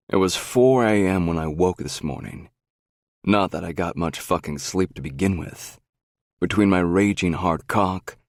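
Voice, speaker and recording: A young adult man narrating a first-person romance audiobook in a brooding, unhurried way on a close studio mic. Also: low-pitched, dry recording.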